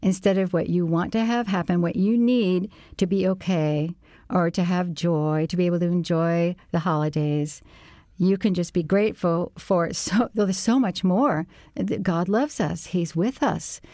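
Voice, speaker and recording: Mellow, low-voiced woman guest. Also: measured pace, no room sound, studio quality. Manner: gentle, reflective, encouraging, with frequent "um". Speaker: interview guest, parent support co-founder. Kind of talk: casual conversation.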